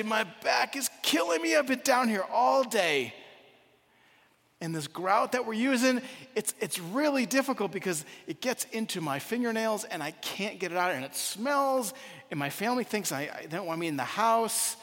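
A man's voice: sits high, lively intonation, normal speed, a bit bright, big-room sound, pitched above the performer's own voice, exaggerated voice. A man voicing a weary male mosaic artist who whines and pities himself. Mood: complaining. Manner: whining, self-pitying.

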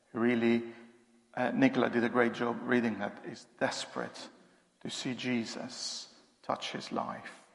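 A man's voice: mid-range voice, creaky, a bit bright. Church minister guy chatting through his sermon, lots of ums, really echoey room. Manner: conversational with frequent ums. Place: church hall. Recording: echoey church hall reverb.

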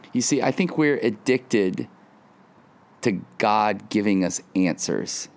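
A man preaching a sermon as pastor, earnest, rising into high pleading lines and dropping to quiet, hushed words. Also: lively intonation, takes it slowly, gravelly. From Southern California. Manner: earnest, rising to high emphatic pleas, dropping to soft near-whispers.

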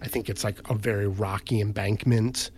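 A man's voice: on the low side, fairly even intonation, normal speed, darkish tone. A man casually retelling a story on a podcast, rambling, with lots of "like" and "right?" fillers. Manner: rambling, filler-heavy, says "right?" and "like" often.

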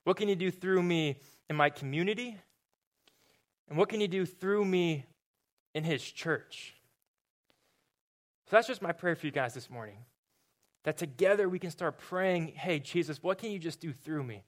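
A man preaching a sermon in a relaxed, conversational way, often repeating words, then leading a prayer. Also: sits high, a little slow, long pauses. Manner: casual, repeats words, filler-heavy preaching. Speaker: pastor.

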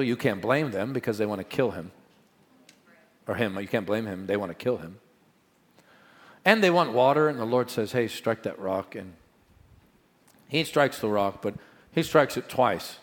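A middle-aged male pastor preaching a sermon, swinging between loud proclamations and quiet asides. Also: medium pitch, lively intonation, measured pace, pauses often, in a large hall.

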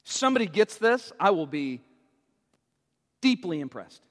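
A male pastor with a notably high voice delivers a sermon, teasing his listeners and slipping in jokes between points. The sound carries a long reverb, as if recorded in a large church sanctuary. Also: sing-song, normal speed. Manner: teasing, joking with the congregation.

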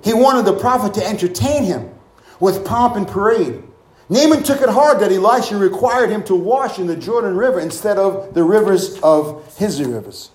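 A man's voice: high-pitched, animated, normal speed, a little mellow, reverberant, rough recording. A man preaching a sermon with bursts of exclamations and rhetorical questions.

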